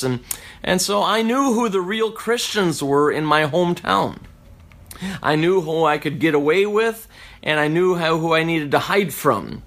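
A man giving a personal conversion testimony in a reflective, unhurried way, often restarting his sentences. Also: on the high side, a bit bright.

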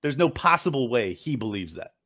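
A man's voice: medium pitch, sing-song, fairly quick, a bit bright. A man ranting through a political commentary, sarcastic, profane and incredulous. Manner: mocks clips with mimicking voices. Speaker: commentary host.

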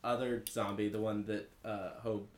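A man playing a tabletop game with friends, hesitant with drawn-out fillers and dry jokes. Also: lowish voice, little pitch movement, echoey room, background noise. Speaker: player.

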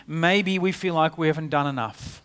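A man preaching a sermon, earnest, rising for emphasis and dropping to a hushed tone. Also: a little high, normal speed, smooth.

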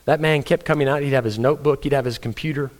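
A male pastor preaches in an earnest, conversational way. His voice sits at an ordinary middle pitch. He tells stories and speaks to the congregation directly. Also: fairly even intonation, fast talker. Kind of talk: sermon.

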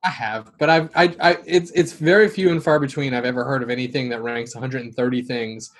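A man, co-hosting a casual podcast chat, jokey and quick to crack up. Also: mid-range voice, steady tone. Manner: jokey, bursts into laughter. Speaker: podcast co-host.

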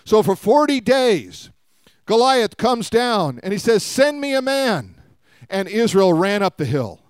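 A man's voice: high-pitched, expressive, unhurried, smooth, no room sound, clean studio sound. A man preaching a sermon, retelling a story with acted-out quotes and calls for the congregation to respond.

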